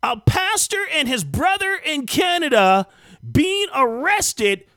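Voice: high-pitched, sing-song, slow pace, fairly bright tone, no echo, clean studio sound. A host giving heated, emphatic political commentary, mocking opponents along the way. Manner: indignant, emphatic, mocks opponents in quoted voices.

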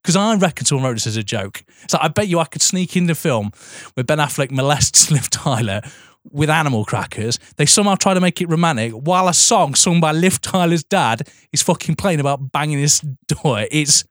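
A man co-hosting a casual film podcast, swearing freely, laughing often and cracking quick mocking jokes. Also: fairly high pitch, animated, no echo, studio quality. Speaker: podcast co-host. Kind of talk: casual film review chat.

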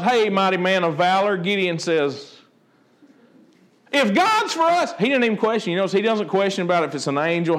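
A male pastor preaching a sermon, acting out the dialogue of the story with a lively voice. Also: sits high. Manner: animated, acts out the dialogue of the story.

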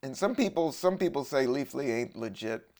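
Gravelly rambling man hosting a podcast. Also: medium pitch, lively intonation, moderate pace, a little mellow. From Washington DC area. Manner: loose, wandering, jokey, swears casually. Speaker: podcast host. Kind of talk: rambling casual monologue.

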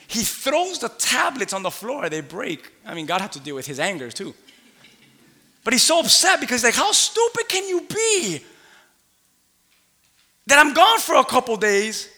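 A man preaching a sermon in a church, animated, laughing, and rising to shouts. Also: high voice, moderate pace. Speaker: pastor. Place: church sanctuary. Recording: long hall reverb.

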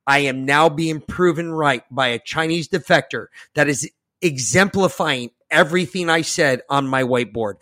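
A man hosting a podcast, reading an article aloud and ranting in a boastful, profane way that swings from muttering to loud outbursts. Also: on the high side, moderate pace, dry recording, studio quality. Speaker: podcast host.

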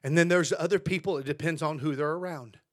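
An American man preaching a sermon in a slightly high voice. He tells homely stories and laughs along with them, then drops to near-whispers before rising into loud, emphatic declarations. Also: quick pace. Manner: preaching with swings from quiet asides to loud emphatic lines; folksy storytelling with laughter. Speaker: pastor.

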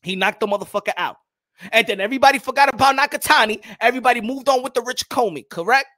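A man hosting a boxing show, talking loud and profane, mocking critics and repeating himself. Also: very high voice, fast, no room sound, studio quality. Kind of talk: animated boxing commentary.

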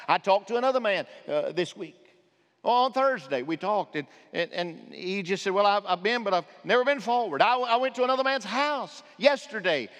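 High-voiced preacher in a reverberant church. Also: male voice, very animated, a little fast. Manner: impassioned preaching with shifting loud and hushed delivery. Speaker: pastor. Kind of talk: sermon. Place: church sanctuary.

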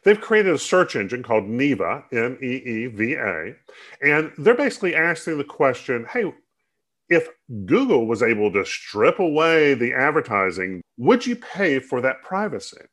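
A man co-hosting a casual talk show, speaking in halting bursts with frequent restarts and fillers. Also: medium pitch, sing-song, a bit bright. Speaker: co-host. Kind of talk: casual chat.

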